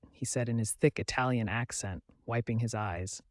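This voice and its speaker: Measured male storyteller, dry close sound. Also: medium pitch, no echo. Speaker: narrator. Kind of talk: scripted story narration.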